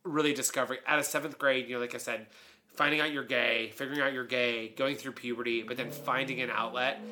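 Bright, chatty man podcast host. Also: mid-range voice, steady tone, quick pace. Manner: chatty, theatrical, swears freely. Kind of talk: casual chat.

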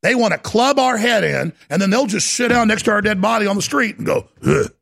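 A male talk host rants in a fervent, preacher-like monologue. His voice sits high, with heavy gravel and a husky edge. He often erupts into shouting. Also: brisk. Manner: impassioned, preacher-like, bursts into shouting.

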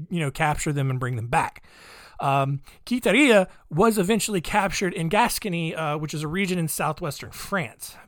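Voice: medium pitch, dry recording, studio quality. A comedy podcast host retelling saint stories in a sarcastic, rambling way, with many fillers.

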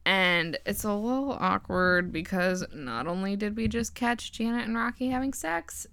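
Gravelly, giggly woman rambling a movie recap. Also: medium pitch, unhurried, a bit bright, no echo. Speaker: podcast host recapping a movie. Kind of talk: casual chatty recap.

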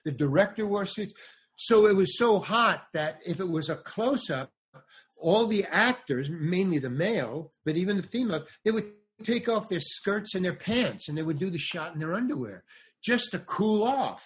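An older man, a comedian and actor, telling anecdotes as a guest in an animated way and acting out other people's lines. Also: high voice, moderate pace. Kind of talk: anecdotal storytelling.

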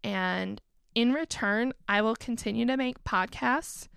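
A woman's voice: a little high, a little slow, gravelly, fairly bright tone, clear, resonant tone, no room sound, clean studio sound. A young woman hosting a casual solo podcast, talking candidly with swearing and self-deprecating laughs. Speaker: podcast host.

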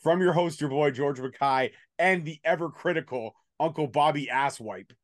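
A man's voice: fairly high pitch, moderate pace, no echo, clean studio sound. A tired man co-hosting a casual podcast, cursing and bantering in mock grumpiness. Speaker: co-host.

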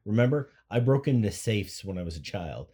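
A man co-hosts a podcast, rambling through jokes and stories in casual conversation, often trailing off and starting his sentences over. His voice is fairly low, dark and husky, delivered in an animated, brisk way.

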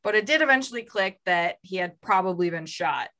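A woman's voice: fairly low pitch, animated, brisk, sharp tone. A woman podcast host telling a true crime story in a casual, conversational way, with fillers. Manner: reads out a story with fillers, voicing quoted lines.

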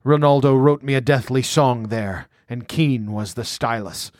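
A wounded barbarian king, gruff and wrathful, as a man reading a storybook puts him on. He talks in a forceful growl. The recording is dry and close. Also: medium pitch, a little slow, no echo, lightly acted. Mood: weary. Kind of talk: audiobook character voice.

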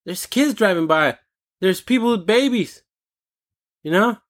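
Animated ranting man host. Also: high voice, unhurried. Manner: animated, indignant, swears freely. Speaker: podcast host. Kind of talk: casual solo rant.

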